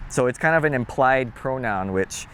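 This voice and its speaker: A man from Hawaii with a Hawaiian accent, casually explaining local phrases in a relaxed, chatty vlog. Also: moderate pace, a little hiss or hum. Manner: relaxed, chatty, demonstrates phrases with playful low tones. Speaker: vlogger.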